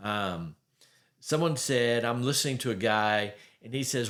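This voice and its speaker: A man delivers a faith-based marriage advice monologue at a deliberate, unhurried pace. His voice sits in an ordinary middle register. He leans hard on key words and lets the odd wry chuckle slip in. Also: medium pitch, fairly bright tone. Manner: emphatic, conversational, with wry chuckles. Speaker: podcast host.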